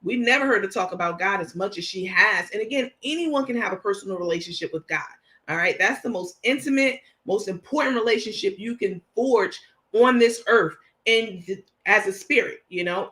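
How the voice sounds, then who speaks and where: A woman's voice: mid-range voice, animated, a little fast, a bit bright. A woman with a New York accent hosting a livestream, talking emphatically and indignantly while reading messages aloud. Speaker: host. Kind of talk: livestream commentary.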